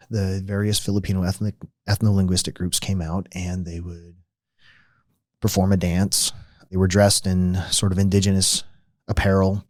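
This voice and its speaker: A man's voice: low-pitched, a little mellow, dry recording, studio quality. An American man hosting a podcast, telling a reflective, conversational story with frequent restarts, like a lecture. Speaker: podcast host.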